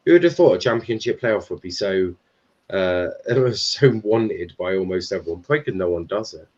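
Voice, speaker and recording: Man, stream host, casual football banter, swears, low voice, muffled lo-fi sound. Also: lively intonation, brisk, a little mellow. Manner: loose banter with swearing and restarts.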